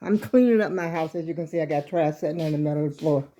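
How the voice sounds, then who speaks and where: A woman's voice: low voice, quick pace, dark tone. An older woman vlogging casually from her home, chatty and folksy, a little out of breath as she calls her viewers y'all.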